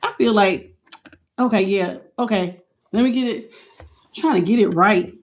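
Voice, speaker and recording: A woman's voice: mid-range voice, measured pace. A middle-aged woman hosting a casual live tarot stream from her phone at home, chatty and affectionate, greeting viewers by name with pet names. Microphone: phone on a stand.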